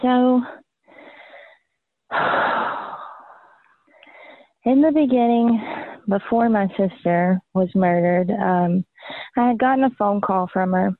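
A young adult woman gives personal testimony as an interviewee, halting and full of fillers and restarts. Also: mid-range voice, dry recording. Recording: tinny phone-like line.

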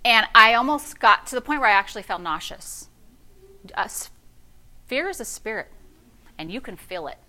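Middle-aged lady pastor preaching, high voice, sassy, goes quiet then loud. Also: normal speed, long pauses. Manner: animated storytelling, sassy, swings between hushed and loud. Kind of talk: sermon.

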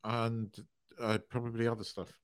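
A man's voice: medium pitch, little pitch movement, moderate pace. A man co-hosting a podcast, chatting casually with frequent fillers and casual swearing. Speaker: podcast co-host. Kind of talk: casual chat.

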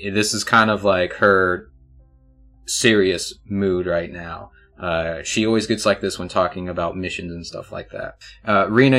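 A man's voice: sits low, a bit bright. A man narrating as game master of a tabletop game, talking casually to the players with lots of fillers.

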